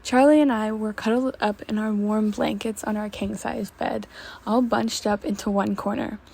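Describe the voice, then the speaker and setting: A woman's voice: mid-range voice, steady tone, normal speed, vocal fry, a little mellow, breathy edge. A woman reading fanfiction aloud in a casual, unpolished way. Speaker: fanfiction reader.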